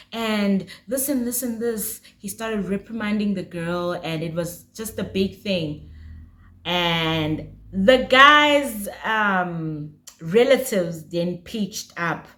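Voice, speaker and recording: A woman telling a casual storytime to her viewers, chatty and animated. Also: medium pitch, slow. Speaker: vlogger. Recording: roomy echo.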